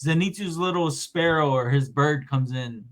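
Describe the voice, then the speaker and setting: A man's voice: on the high side, normal speed. Rambling casual male podcast host. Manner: rambling, filler-heavy recap with acted-out quotes.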